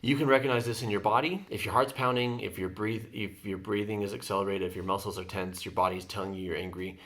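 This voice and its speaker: A man's voice: fairly low pitch, fairly even intonation, quick pace, fairly bright tone. A man, a therapist hosting his channel, talking through conflict steps in an earnest, explanatory way. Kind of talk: reaction video commentary, advice.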